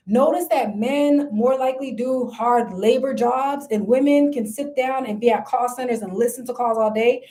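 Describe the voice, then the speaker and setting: A young woman with a high, bright-sounding voice talks straight to her viewers in a casual vlog. She gives dating advice in a sassy, emphatic way and keeps calling the listener girl. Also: low-quality recording. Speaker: vlogger.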